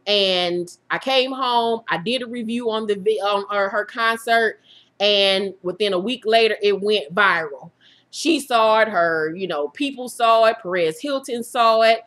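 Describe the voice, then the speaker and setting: Bright-voiced woman telling her story. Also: medium pitch. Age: 30s. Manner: frank and profane, laughs through the hard parts. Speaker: YouTube show host. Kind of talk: candid personal storytelling to viewers.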